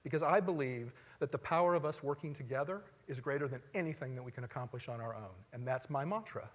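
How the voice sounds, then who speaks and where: A man giving a live stage talk, telling stories conversationally and swinging between loud emphasis and quiet asides. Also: medium pitch, fast talker. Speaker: speaker at a live talk event. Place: large hall, on stage before an audience. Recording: long hall reverb.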